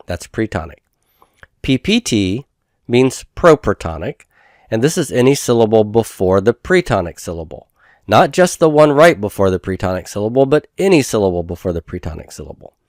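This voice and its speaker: A man lecturing on Hebrew grammar in a methodical way, repeating terms slowly with frequent fillers. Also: on the low side, darkish tone, dry recording, studio quality. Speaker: Hebrew instructor. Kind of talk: recorded classroom lecture.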